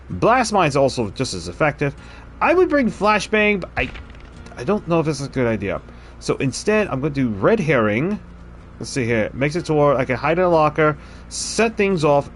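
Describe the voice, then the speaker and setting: Chatty, lively-voiced male game streamer. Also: mid-range voice, slight background noise. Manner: chatty, thinks aloud, frequent laughs. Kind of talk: casual gameplay commentary.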